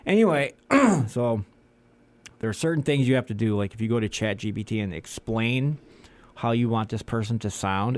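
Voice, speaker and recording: A man's voice: lowish voice, a little mellow. A man co-hosting a community radio show, chatting casually and rambling, laughing often and slipping into quoted voices. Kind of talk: casual on-air banter.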